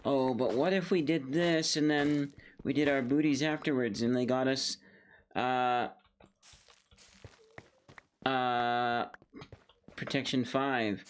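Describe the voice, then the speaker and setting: A man's voice: medium pitch, steady tone, slow pace, pauses often. A young man giving casual, rambling commentary while playing a game, talking playfully to himself and to the game. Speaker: gaming video creator.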